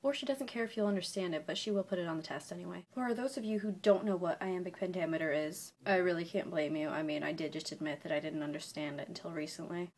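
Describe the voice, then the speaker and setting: A woman's voice: lowish voice, darkish tone. A young woman vlogging casually from her bedroom, explaining poetry with playful, self-mocking asides. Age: young adult. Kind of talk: casual educational vlog.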